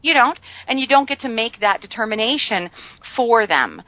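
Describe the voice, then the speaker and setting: A woman's voice: fairly high pitch, lively intonation, moderate pace, a bit bright, no echo, poor audio. A woman guest on a podcast, explaining ideas in a chatty way with frequent fillers and playful humor. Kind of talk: casual podcast conversation.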